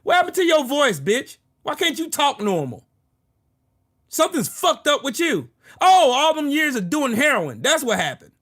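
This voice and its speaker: A man's voice: extremely high pitch, sing-song, normal speed, a bit bright. A man hosting his own political commentary video, ranting angrily and profanely, full of sarcasm and repeating short phrases for emphasis. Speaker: political commentary channel host.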